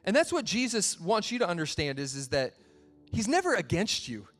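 A man's voice: high-pitched, wildly swooping pitch, brisk, a bit bright, faint music behind. A male pastor preaching a sermon in a conversational storytelling way, laughing at himself as he tells family stories.

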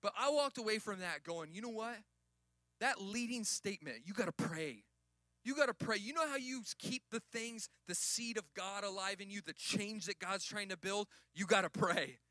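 A pastor preaching to his church, his voice high and bright. He drops low and quiet for stories, then climbs to loud, shouted calls. The sound is dry and close. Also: lively intonation, normal speed, no room sound. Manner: preaching, builds to shouted emphasis. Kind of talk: sermon.

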